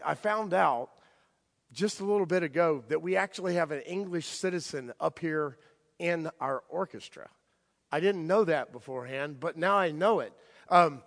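Middle-aged pastor, relaxed and chatty sermon delivery, slightly raised pitch, live sanctuary reverb. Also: male voice. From United States. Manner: conversational, playful, asks the congregation questions. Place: large church sanctuary. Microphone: handheld or stage mic. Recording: long hall reverb.

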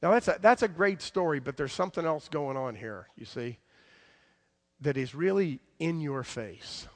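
A man preaching a sermon, retelling a story with animated swings between loud emphasis and soft asides. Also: fairly high pitch, moderate pace.

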